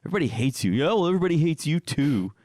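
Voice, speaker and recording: A man's voice: fairly high pitch, big pitch swings, very fast, darkish tone, no echo, studio quality, voice pushed up. A man voicing small, petty, masked troll-like creatures who trade whiny, childish insults. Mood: bickering.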